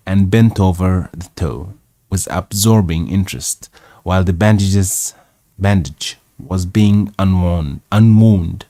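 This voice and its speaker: A man whose first language is Arabic reads a classic novel aloud to practice English. He fixes his own slips and adds comments along the way. His voice is very low and his pace is slow, recorded close and dry. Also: darkish tone, no echo. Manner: halting reading with self-corrections and asides. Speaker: host.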